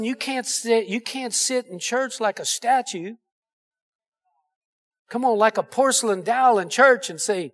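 A man's voice: sits high, expressive, moderate pace, a bit bright. A male pastor preaching a sermon in church, calling out to the congregation for amens. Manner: preaching with call-and-response asides. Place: church sanctuary.

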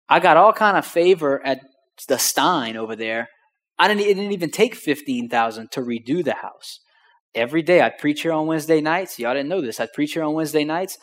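Pastor telling a story, big hall reverb. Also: male voice, medium pitch. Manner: animated storyteller, acts out dialogue. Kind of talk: sermon storytelling.

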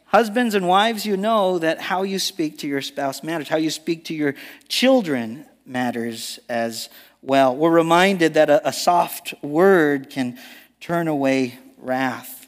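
Guy pastor preaching, kinda high voice, lots of emphasis and restarts, big church echo. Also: slow. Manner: earnest preaching with emphatic stresses and frequent restarts. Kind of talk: sermon. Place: church sanctuary. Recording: long reverb of a large church hall.

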